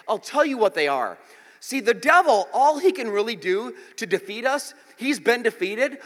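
A forties-aged pastor delivers a storytelling sermon in a church auditorium, acting out quotes within his jokey tales. His voice is high and a bit bright, echoing through the reverberant hall.

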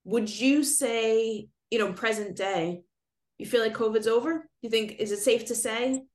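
A woman's voice: on the high side, a little slow. A woman hosting a podcast, steering a casual interview with questions and laughing along with her guests. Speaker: podcast host. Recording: roomy echo.

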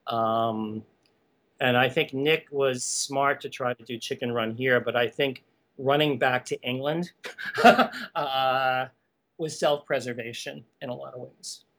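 A man's voice: medium pitch, measured pace. A chatty man telling stories with frequent laughs. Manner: animated storyteller, laughs often, many asides. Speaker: guest, animation art conservation director. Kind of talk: conversational podcast interview.

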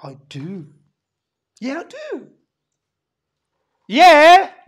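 A woman preacher voicing Jonah as an angry, sulky man, loud and higher than her usual voice. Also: huge pitch swings, drawn-out words, exaggerated voice. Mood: indignant. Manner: loud, indignant outbursts.

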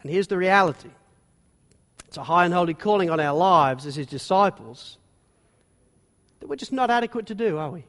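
Guy preaching a sermon, fairly high voice, lots of emphasis, big echoey hall. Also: moderate pace, long pauses. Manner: emphatic, animated storytelling preacher. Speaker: pastor. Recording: long reverb of a large hall.

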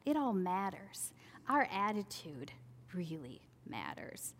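A woman's voice: on the low side, takes it slowly. A woman in her forties giving a chatty devotional talk, laughing at herself and acting out quoted lines. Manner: chatty, laughing asides, animated quoting. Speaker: Christian speaker. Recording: long hall reverb.

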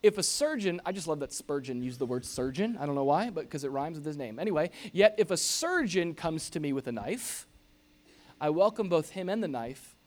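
A middle-aged pastor preaching a sermon in an animated, jokey way, acting out grumbling noises. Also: male voice, fairly high pitch, a little fast.

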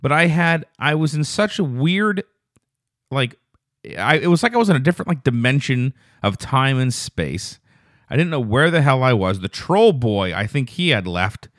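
A man hosting a casual solo podcast, telling a rambling, profane story that turns loud and quick when he gets indignant. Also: mid-range voice, very animated, no room sound, studio quality. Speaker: podcast host.

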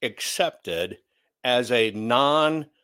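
A man's voice: mid-range voice, animated, takes it slowly, sharp tone, clear, resonant tone. Guy ranting on his commentary show, blunt and sarcastic, mid voice. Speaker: commentary host. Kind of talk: opinionated commentary.

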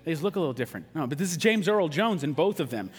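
A man's voice: fairly high pitch, big pitch swings, racing, husky, big-room sound. A man preaching a sermon in a casual, joking, conversational way. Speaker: pastor.

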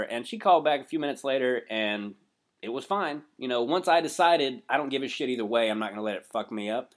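A man's voice: mid-range voice, expressive, brisk. A man speaking in a laid-back, reflective, profane way in a casual podcast chat.

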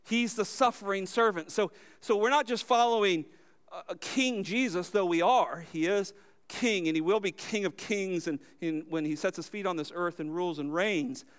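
High-voiced emphatic preaching man. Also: moderate pace, clean tone. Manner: emphatic, swinging between loud high lines and low quiet ones; asks the congregation questions and answers them. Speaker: pastor. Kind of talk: sermon.

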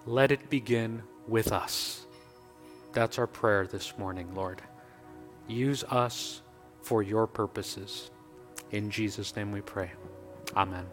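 A man's voice: fairly low pitch, slow, pauses often. A man preaching a sermon as pastor and leading a closing prayer, building his points through emphatic repetition. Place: church sanctuary. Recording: long reverb, faint music.

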